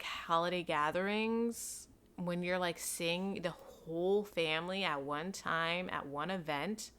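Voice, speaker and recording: A chatty woman in her thirties from New York tells stories alone on her podcast. Her voice sits a little low, but its tone is bright and forceful. She keeps breaking in with playful, self-mocking asides. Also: clear, resonant tone. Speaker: podcast host. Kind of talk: casual solo storytelling.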